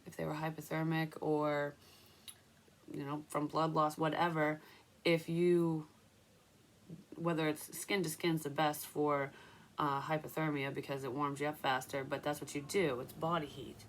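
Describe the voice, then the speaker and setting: Low-voiced woman rambling through a tarot reading. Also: flat delivery, unhurried, a little hiss or hum. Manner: rambling, swears freely, chatty storytelling. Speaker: psychic tarot reader. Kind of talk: casual tarot reading with personal stories.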